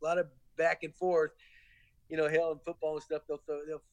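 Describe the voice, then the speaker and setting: A middle-aged man with a gentle Southern accent, a former baseball manager telling stories as a podcast guest, rambling with lots of restarts and "you know.". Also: a little high, little pitch movement, brisk, no echo, poor audio. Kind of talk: casual interview talk.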